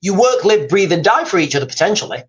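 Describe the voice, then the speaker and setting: High-voiced man rambling on a livestream. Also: big pitch swings, fast talker, muffled recording. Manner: rambling, repeats himself, reads viewer comments aloud. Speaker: livestream host. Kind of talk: casual livestream chat. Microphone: streaming mic.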